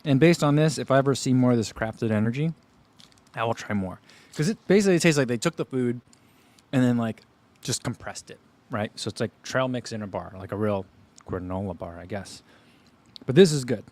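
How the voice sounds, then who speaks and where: A man's voice: mid-range voice, fairly quick. A man in his thirties hosting a running livestream, chatting casually and sometimes talking with his mouth full. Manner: relaxed, chatty, talks while chewing. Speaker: running channel host. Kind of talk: casual livestream food tasting.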